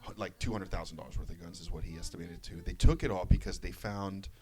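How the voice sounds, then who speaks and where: A man's voice: sits low, fast talker, a crowd in the background. A young man, a podcast co-host, telling a long story in casual chat, swearing freely and acting out what people said. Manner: rambling storyteller, swears freely, acts out quotes.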